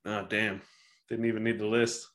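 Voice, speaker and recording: Man, 30s, casual podcast host, bright voice, jokey, swears. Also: lowish voice, flat delivery, moderate pace. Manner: joking, offhand, swears freely. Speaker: podcast co-host running a trivia game. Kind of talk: casual chat.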